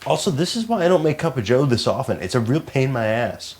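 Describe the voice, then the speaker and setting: Talking fast and very animatedly in a medium-pitched, darkish voice, this young podcast co-host mutters self-deprecating asides while setting up lights and cameras. The casual behind-the-scenes vlog is shot in a small apartment converted into a studio, with faint music in the background.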